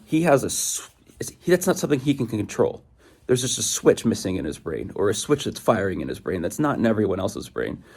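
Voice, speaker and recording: A man's voice: on the low side, a little mellow, breathy edge. A young man vlogging from a hiking trail, ranting in an exasperated, rambling way and drifting off on tangents. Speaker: thru-hiker vlogger. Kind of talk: rambling outdoor vlog monologue.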